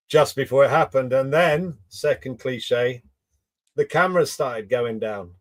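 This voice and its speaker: A man as a podcast guest, recounting a field story in a relaxed way and acting out what others said. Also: mid-range voice, a little slow, no room sound. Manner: relaxed anecdote telling, acts out quotes. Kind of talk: casual storytelling chat.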